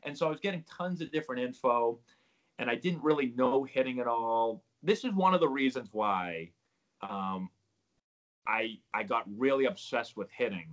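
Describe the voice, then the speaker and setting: Man telling animated stories, muffled. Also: mid-range voice, moderate pace. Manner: animated storyteller acting out quoted dialogue. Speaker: guest, former pro baseball player. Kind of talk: casual storytelling interview.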